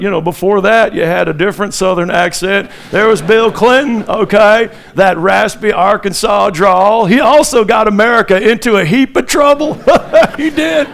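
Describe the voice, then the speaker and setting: Chatty high-voiced male stand-up comic. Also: normal speed, vocal fry, fairly bright tone. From Chicago. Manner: chatty, storytelling, laughs at his own lines. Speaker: comedian. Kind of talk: stand-up comedy. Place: stage.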